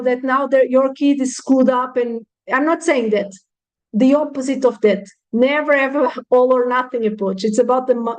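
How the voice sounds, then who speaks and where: A woman in her thirties talks as a guest on an interview show, explaining parenting ideas. Her voice sits high. She speaks earnestly and with emphasis, slipping into short acted bits of what a parent might say to a child or to themselves. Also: darkish tone, rough recording. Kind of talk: interview talk.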